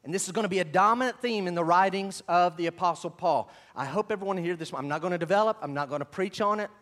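This is a man delivering a sermon in a notably high voice. He shifts often from soft, low asides to loud, climbing emphasis as he drives his points home. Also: fast, big-room sound. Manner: preaching with swings between quiet asides and loud, high emphatic runs. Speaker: pastor.

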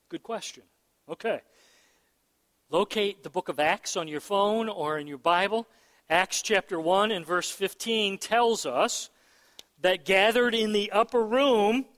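A man's voice: high voice, fairly bright tone. Emphatic male pastor in echoing hall. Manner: emphatic, asks the room for agreement. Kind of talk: sermon answering questions. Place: church hall with balcony. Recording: long hall reverb.

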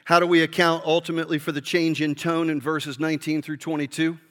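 A man preaching a sermon with passion, rising to loud emphasis and dropping to soft, low asides. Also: flat delivery, fast talker. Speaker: pastor. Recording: hall reverb.

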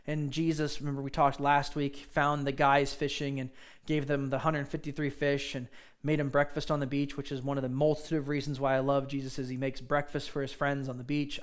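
A man's voice: fairly high pitch, clear, resonant tone. A man preaching a sermon to his congregation in an earnest, conversational way, with frequent fillers and restarts. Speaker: pastor.

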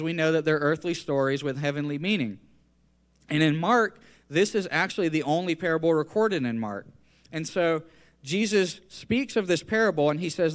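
Middle-aged guy preaching, kinda high voice, tells it like a story and acts out the quotes. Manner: animated storytelling, acting out quotes. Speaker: pastor. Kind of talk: sermon.

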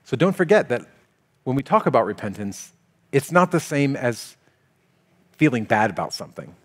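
A man's voice: medium pitch, normal speed, slightly rough, in a large hall. A man preaching a sermon as a pastor, earnest and conversational, acting out everyday scenes. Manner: animated, acts out everyday scenes with playful exaggeration.

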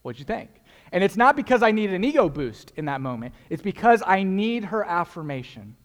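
A young man delivers a sermon as pastor, speaking earnestly and emphatically. He repeats his key phrases for effect, and his fairly high voice rings out with a long reverb through a large church hall. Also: big pitch swings, a little fast.

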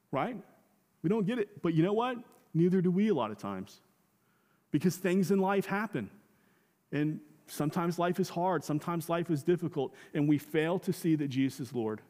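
A man preaches from a church sanctuary in a fairly high voice. He keeps it conversational, leaning on rhetorical questions and repeated phrases. The sound carries a long, reverberant hall tail. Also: darkish tone. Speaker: pastor. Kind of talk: sermon.

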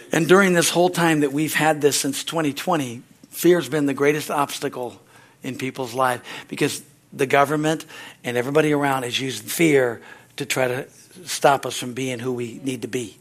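A man preaching a sermon in a conversational style, often asking the congregation "Amen?" and acting out quoted voices, rising loud at climaxes and dropping soft. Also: medium pitch, steady tone, normal speed. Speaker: pastor.

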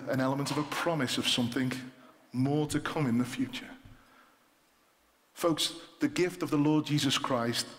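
A man preaching a sermon as pastor, emphatic and repetitive, slowing down to stress key words. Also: mid-range voice. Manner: emphatic, repeats points, slows for stress. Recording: long hall reverb.

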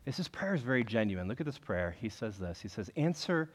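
A man preaching a sermon in an animated, conversational way, leaning on the word "like" as he talks. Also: on the low side, quick pace, big-room sound. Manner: animated, conversational, heavy use of filler "like". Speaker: pastor.

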